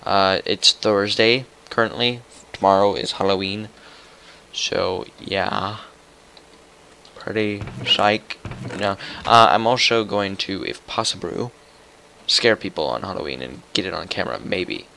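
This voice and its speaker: A young man giving casual, chatty commentary while playing a video game, muttering to himself and getting excitable. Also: low-pitched, a little slow, vocal fry, slight background noise, poor audio. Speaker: gaming YouTuber.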